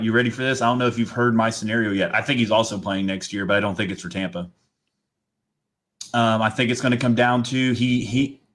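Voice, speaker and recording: Co-hosting a casual football talk show, this man has a mid-range voice. He's opinionated and rambling, laying out his take in an animated, loose manner.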